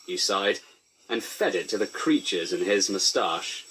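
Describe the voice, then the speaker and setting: A man giving dry, deadpan comic storybook narration. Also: sits low, a little slow, breathy edge.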